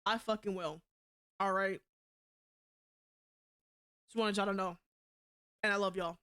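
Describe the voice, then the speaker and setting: A young woman streaming live, talking to her chat in a loud, blunt, profane way and laughing often. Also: mid-range voice, fairly even intonation, a little slow, clean tone.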